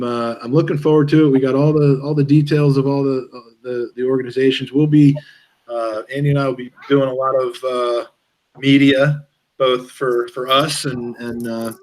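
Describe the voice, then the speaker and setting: Halting, joking male podcast host. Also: mid-range voice. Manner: halting, jokey, many fillers and restarts. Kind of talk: casual chat.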